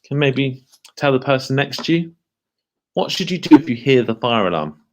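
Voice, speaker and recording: A man leading a school assembly for children, speaking in a lively, questioning way and slowing down to stress key words. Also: mid-range voice.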